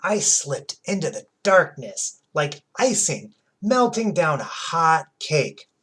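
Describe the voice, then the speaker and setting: Guy reading as a noir cat detective, slow dramatic storybook telling. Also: a little high, sing-song, fairly bright tone, pitched above the performer's own voice, exaggerated voice, rough recording. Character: streetwise cat detective narrating at night.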